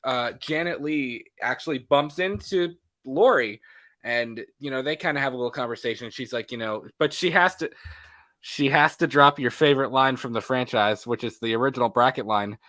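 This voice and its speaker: A man co-hosting a casual movie podcast, laughing often and acting out scenes in quick voices. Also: mid-range voice, bright, forceful tone. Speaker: podcast co-host.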